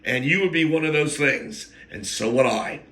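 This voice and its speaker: A man's voice: mid-range voice, moderate pace, fairly bright tone. A man hosting a rambling, emotional spiritual monologue, often wandering off topic and catching himself. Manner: digressive, emotional, self-interrupting. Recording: echoey room.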